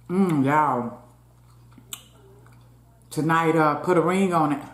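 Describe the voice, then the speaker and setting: A woman hosting a casual eating show, talking between bites and keeping up a running chat with her viewers. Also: sits low. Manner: chatty, keeps calling out to viewers, talks between bites. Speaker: mukbang host. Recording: roomy echo.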